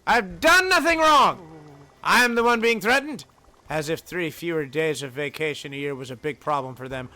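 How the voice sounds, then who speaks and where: A man voicing a cowardly, defensive company boss in a game, protesting in a shrill, panicky way. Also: expressive, normal speed, bright, forceful tone. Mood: panicked.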